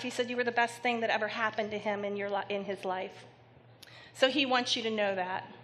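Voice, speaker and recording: A woman psychic medium giving a live reading to an audience member in a theater, speaking gently and haltingly with many pauses. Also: a little high. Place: theater stage before an audience.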